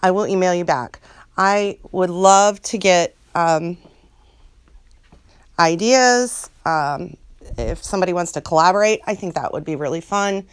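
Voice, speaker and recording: A woman's voice: fairly low pitch, a little slow, smooth, no room sound. A woman who hosts a channel, chatting casually to her viewers in a rambling way and laughing often. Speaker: channel host.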